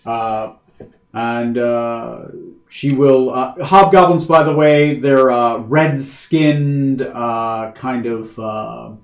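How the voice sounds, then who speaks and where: A man's voice: mid-range voice, steady tone, very slow. A man narrating a tabletop game as game master, hesitant with many fillers. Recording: echoey room.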